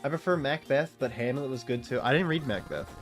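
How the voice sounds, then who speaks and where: A young man chats loosely as he plays, with a mid-pitched voice. He wanders from thought to thought, swears without care and laughs often. Soft music plays quietly underneath. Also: animated, fairly quick. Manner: rambling, profane, laughs often. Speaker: streamer. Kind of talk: casual gaming chat.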